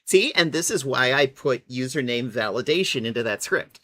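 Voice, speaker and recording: A woman's voice: extremely low pitch, lively intonation, normal speed, a bit bright. A woman casually chatting and thinking aloud while she plays a game on a live stream, sometimes mocking herself. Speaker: livestreamer.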